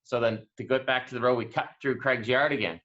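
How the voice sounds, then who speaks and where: Forceful Nova Scotian man, lo-fi sound. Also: medium pitch, brisk. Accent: Atlantic Canadian, Nova Scotia. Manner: relaxed, rambling anecdote teller. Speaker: sports broadcaster guest. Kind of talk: casual interview storytelling.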